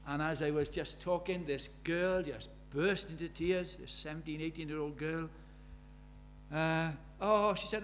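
A man's voice: a little high, moderate pace, fairly bright tone, a little hiss or hum. A British man preaching a sermon, telling stories with emphasis and repeating key phrases.

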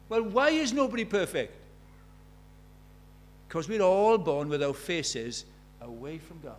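A man's sermon in a church is emphatic and full of rhetorical questions, swinging between loud and hushed. His voice is a little high and animated, at normal speed.

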